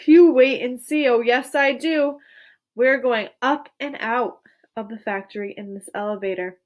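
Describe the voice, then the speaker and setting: A woman reading aloud puts on a giddy, eccentric candy maker who gushes with delight. The voice jumps high and loud with excitement. It is a storybook figure full of energy. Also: unhurried, natural voice. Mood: giddy excited. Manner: exuberant, gushing, high-spirited.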